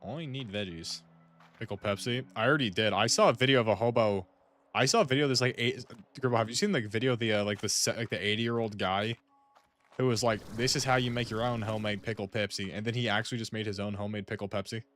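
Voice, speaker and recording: Man, gaming streamer, casual rambling chat, filler-heavy, lowish voice. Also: fast talker, a bit bright. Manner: rambling, heavy use of "like", musing aloud to friends. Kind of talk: casual chat while playing a game.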